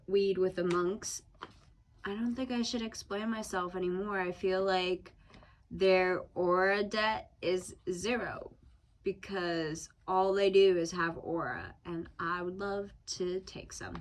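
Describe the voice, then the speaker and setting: A woman's voice: mid-range voice, fairly even intonation, slow pace, a little hiss or hum. A young woman vlogging from home, talking in a loose, profane, rambling way with frequent laughs. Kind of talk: casual rambling monologue.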